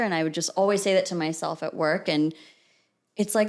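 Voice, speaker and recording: A woman guest in a casual podcast chat, measured and reflective as she recounts her tech career. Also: medium pitch, expressive, darkish tone.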